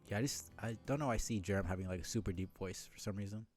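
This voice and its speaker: A man's voice: fairly low pitch, fast, few pauses, darkish tone, soft background music. A man streaming a game live, chatting in a rambling, self-deprecating way with lots of fillers.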